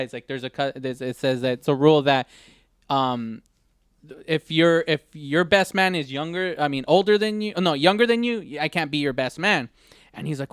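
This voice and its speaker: A young man co-hosting a new live internet radio show, retelling a TV episode in a rambling, animated way with many restarts. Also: on the high side, clean tone, no echo, studio quality. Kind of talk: casual chat.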